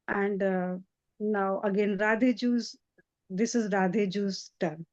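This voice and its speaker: A woman's voice: mid-range voice, unhurried, lo-fi sound. Woman telling a devotional story. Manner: animated storytelling with frequent restarts. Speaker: spiritual lecturer.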